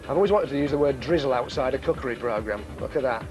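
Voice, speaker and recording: A man's voice: mid-range voice, animated, fast talker, a little mellow, soft background music. A man hosting a comedy magic show, talking to camera and to passers-by in cheeky, chatty, joking street patter outdoors.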